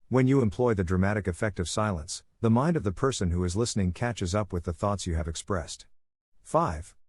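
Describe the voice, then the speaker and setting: Male audiobook narrator, lowish voice, measured read, dry close sound. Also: darkish tone, no echo. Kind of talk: scripted narration.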